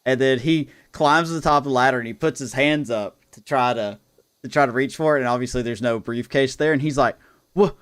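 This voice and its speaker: A man hosting a livestream, chatting casually and telling a story in an animated way with lots of laughs. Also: medium pitch, fairly quick, smooth, no room sound, studio quality. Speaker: livestream host. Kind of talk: casual chat on a gaming stream.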